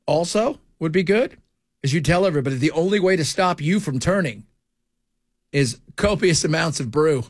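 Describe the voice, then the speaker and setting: A man hosting a radio talk show, bantering and joking with quick asides and frequent laughs, on a studio mic. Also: on the high side, lively intonation, dry recording.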